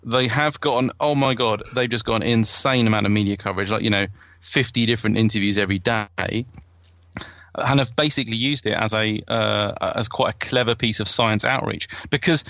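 Bright-voiced man rambling chattily. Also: fairly low pitch, a little fast, no room sound, muffled recording. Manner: chatty, digressive, self-mocking with frequent laughs. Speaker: podcast host and author. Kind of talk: casual chat.

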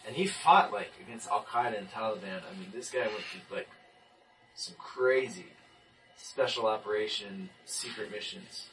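A man in his twenties telling a personal faith story casually, with animated repeats and restarts. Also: fairly low pitch, normal speed. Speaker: person giving a testimony. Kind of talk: casual testimony in a group talk. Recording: distant mic.

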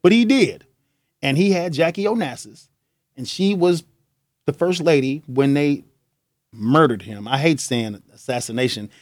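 A man's voice: on the high side, measured pace, no room sound, studio quality. A young man hosting a podcast, talking in a loose, joking monologue and laughing often. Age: young adult. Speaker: podcast host. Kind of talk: casual monologue.

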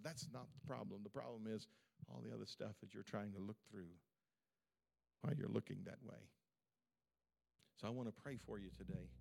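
A man's voice: lowish voice, vocal fry, darkish tone. A male pastor preaching a sermon at a church service in a fervent, conversational way, with lots of repetition.

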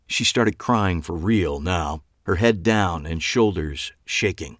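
A man's voice: deep voice, takes it slowly, hardly any pauses, no room sound. A man reading a first-person novel aloud with dry, wry storytelling. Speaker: audiobook narrator. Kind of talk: first-person scripted narration.

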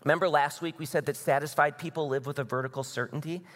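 A male pastor from the American Midwest delivers a sermon in a fairly high voice, easy and conversational one moment and emphatic the next. The sound carries the long reverb of a large church hall. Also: steady tone, fast talker, fairly bright tone. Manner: conversational preaching, rising to emphatic bursts.

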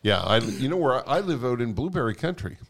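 A man co-hosts a podcast in relaxed chat. He asks questions and answers with short remarks, and his voice moves up and down a lot. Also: medium pitch, quick pace. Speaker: podcast co-host. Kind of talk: casual chat.

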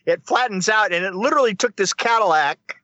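A man's voice: high-pitched, fairly quick, sharp tone, dry recording. A man in a casual conversation who laughs often and rambles as he tells his own story. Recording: dull dry lo-fi sound.

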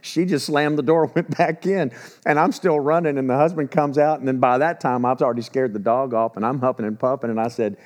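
A man's voice: mid-range voice, fairly even intonation, brisk. A middle-aged male pastor teaching a sermon in a folksy storytelling way, often asking the listeners rhetorical questions.

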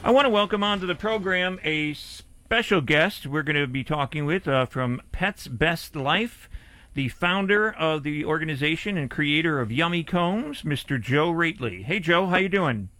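A man hosting a pet radio show, upbeat and energetic as he welcomes a guest. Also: a little high, moderate pace, no echo. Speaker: radio host.

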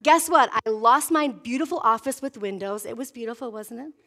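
Woman pastor, middle-aged, high voice, animated sermon storytelling, acts out dialogue. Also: brisk. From Wisconsin. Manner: animated storytelling preacher, voicing herself and God in dialogue.

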